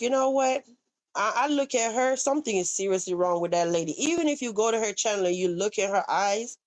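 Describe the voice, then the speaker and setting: A woman's voice: medium pitch, darkish tone. A woman with a Southern US accent hosting a casual live stream, talking bluntly and with plenty of swearing as she speaks straight to her chat. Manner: blunt, profane, addresses chat directly. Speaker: livestream host.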